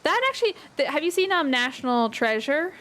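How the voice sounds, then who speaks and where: A woman's voice: high-pitched, animated, fairly quick, a bit bright. A woman streaming a survival game with a friend, chatting casually and rambling, laughing often. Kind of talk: casual gaming chat.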